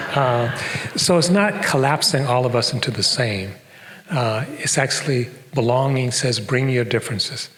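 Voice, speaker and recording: This older Detroit-born professor talks unhurriedly, leaving long pauses, in a mid-range voice with a bit of brightness. He lectures a live audience from a performing arts center stage in a conversational way, peppered with fillers and asides. Long hall reverb and slight background noise accompany him.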